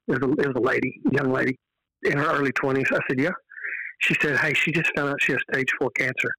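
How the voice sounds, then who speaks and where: A man from Texas with a Texan accent, a podcast guest telling stories in an earnest, animated way. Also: medium pitch, fast, creaky, no room sound, rough recording. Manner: earnest, animated storyteller who quotes dialogue. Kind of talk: casual storytelling on a podcast.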